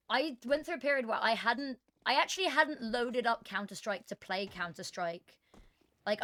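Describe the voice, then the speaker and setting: A woman's voice: fairly high pitch, fairly bright tone, no room sound. A woman casting an esports match on a headset, chatting casually and telling self-deprecating stories. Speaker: esports caster. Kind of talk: casual co-caster chat.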